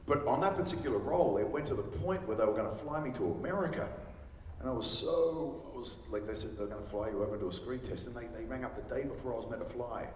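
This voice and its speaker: A man's voice: medium pitch, fast talker, darkish tone, slight background noise. A man in his forties, a guest at a convention panel, telling chatty stories to a live audience. He laughs often and acts out other people's lines. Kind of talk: anecdotal storytelling to a live audience. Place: large convention hall. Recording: echoey hall recorded from far off.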